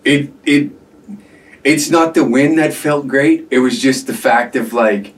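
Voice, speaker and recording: A man's voice: medium pitch, measured pace. A man hosting a podcast, telling a story in casual chat with lots of swearing and laughter. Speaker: podcast host. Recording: distant mic, faint background noise.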